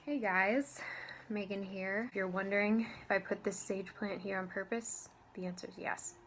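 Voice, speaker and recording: A young woman vlogging casually to camera, halting and full of restarts and fillers, with dry sarcastic asides. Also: mid-range voice, fairly even intonation, fairly bright tone, slight background noise, poor audio. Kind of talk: casual vlog talk to camera.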